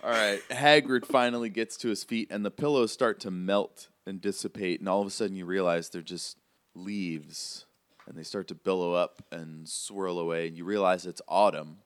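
A man narrates a tabletop game as game master in a relaxed, casual way. His voice sits a little low, with plenty of fillers. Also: normal speed, clean tone, no room sound.

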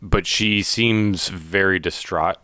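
Low-voiced male dungeon master. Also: slow, no echo. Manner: relaxed, with frequent uh fillers. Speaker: dungeon master and podcast host. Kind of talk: casual game narration.

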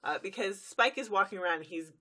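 A woman's voice: mid-range voice, expressive, fast, bright, forceful tone. A woman co-hosting a casual chat, narrating a cartoon episode's plot in long run-on sentences with fillers. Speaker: podcast co-host recapping an episode.

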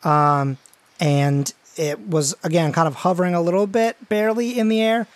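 A man narrating as game master of a tabletop game, casual and halting with many fillers. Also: high-pitched, fairly even intonation, no room sound.

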